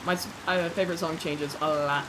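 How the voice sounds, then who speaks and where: A young woman streaming a video game, reacting excitably, joking, swearing and chatting with her viewers. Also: sits low, brisk, very noisy. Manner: excitable, jokey, swears freely, talks to chat. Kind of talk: live gameplay commentary, chatting with viewers. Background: game music.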